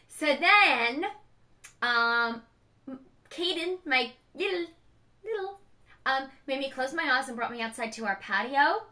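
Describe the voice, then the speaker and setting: A middle-aged woman rambles in a casual vlog, frank and emotional as she talks. Her voice sits a little high and sounds bright and clear. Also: animated, slow pace, long pauses. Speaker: beauty vlogger, mother. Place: home.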